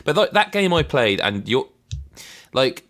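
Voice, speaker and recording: A man's voice: mid-range voice, sing-song, a little slow, a bit bright. A man hosting a podcast, chatting casually with stammered restarts. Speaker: host.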